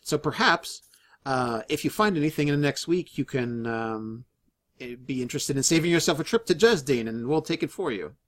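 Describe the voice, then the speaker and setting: Narrating a tabletop session as game master, a man speaks in an animated, mid-range voice. He stumbles along with many fillers and keeps restarting his sentences.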